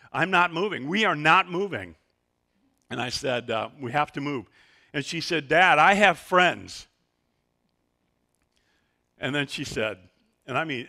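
A man's voice: mid-range voice, sharp tone. A middle-aged man preaching a sermon as a pastor, telling stories with animation and acting out the voices he quotes. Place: church sanctuary.

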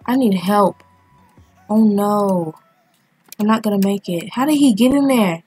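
A woman giving casual, excitable commentary as she plays a video game, chatting and thinking aloud as she goes. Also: medium pitch, measured pace, slightly rough, soft background music. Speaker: gaming channel host.

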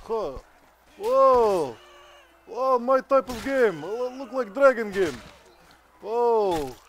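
A man's voice: extremely high pitch, drawn-out words, slight background noise, voice pushed up, heavily acted. A man putting on a Siberian gamer with broken English. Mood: boastful. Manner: broken English, swearing, excitable. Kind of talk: comedic gaming character bit.

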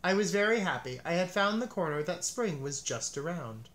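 A friendly, cheerful frog from a children's storybook, voiced by a man. He speaks with bright eagerness, and his pitch bounces up and down with animated life. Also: moderate pace. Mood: happy.

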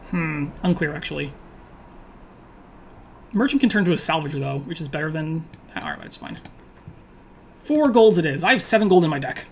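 A woman thinking aloud as she plays an online card game, muttering her options, then pleading, swearing and laughing loudly at the draws. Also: lowish voice, slight background noise. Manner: talks to herself, swings from quiet musing to loud laughing outbursts.

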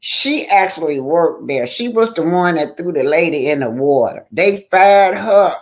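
A woman's voice: lowish voice, lively intonation, a little slow. Chatty older woman streaming. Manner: chatty, greets viewers by name, rambling. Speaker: YouTube livestream host. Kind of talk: casual livestream chat.

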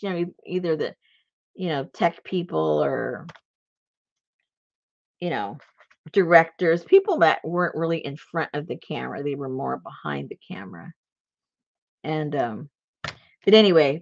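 A woman's voice: on the low side, dry recording, highs cut off. A woman telling a long personal story in casual chat, rambling and laughing as she goes. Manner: rambling, animated, laughs while telling stories. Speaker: crafter and channel host.

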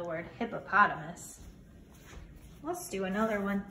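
A woman teaching young children to count syllables. She is cheerful and encouraging, and she stretches words out slowly as she counts their syllables, recorded on a phone she holds in her hand. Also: mid-range voice, big pitch swings, a bit bright, slight background noise. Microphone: phone held in hand. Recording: echoey room with faint ambience.

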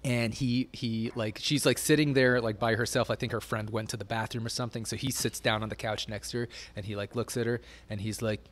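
A man's voice: lowish voice, fairly even intonation, brisk, few pauses. A middle-aged man telling stories as an interview guest, rambling with many fillers and frequent laughter. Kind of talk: casual storytelling interview.

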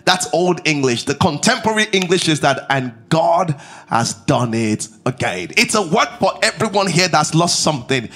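Male pastor, high bright voice, church sermon with call-and-response and repeated lines. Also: animated, normal speed. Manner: call-and-response preaching to a congregation; repeats phrases for emphasis. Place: church service before a congregation.

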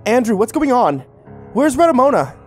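A man's voice: big pitch swings, very fast, a little mellow, soft background music. A man putting on a frantic pleading young woman. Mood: panicked. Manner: high, strained, pleading.

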